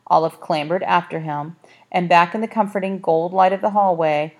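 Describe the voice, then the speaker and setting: Woman narrating an expressive storybook. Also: lowish voice, moderate pace. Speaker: audiobook narrator. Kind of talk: scripted narration.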